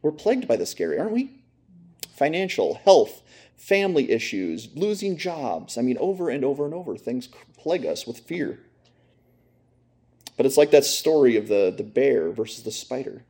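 Husky-voiced preacher telling a story. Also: male voice, mid-range voice, sing-song, moderate pace, darkish tone. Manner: conversational, storytelling with asides. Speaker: preacher teaching a lesson. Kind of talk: sermon.

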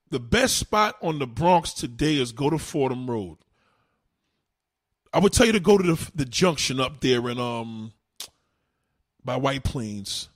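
Brief: husky New man in his thirties, lively swooping delivery, crude livestream rant. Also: mid-range voice, unhurried, long pauses. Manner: animated, crude, emphatic. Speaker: livestream host. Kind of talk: profane casual rant.

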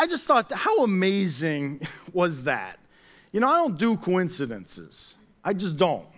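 With a high-pitched voice, a man delivers a sermon as a pastor. He tells a story from his own life, animated and conversational, with lots of false starts.

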